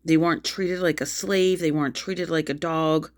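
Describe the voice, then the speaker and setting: A middle-aged woman vents angrily on a phone livestream in an emotional vlog, pouring out her hurt and frustration in upset, repetitive outbursts. Her voice is low-pitched, with fairly even intonation at normal speed.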